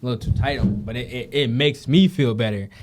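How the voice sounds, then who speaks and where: A man's voice: mid-range voice, quick pace, over music. A young man from Detroit telling stories in slangy, profane casual talk, full of "you know what I'm saying.". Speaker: guest, actor. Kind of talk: casual conversation.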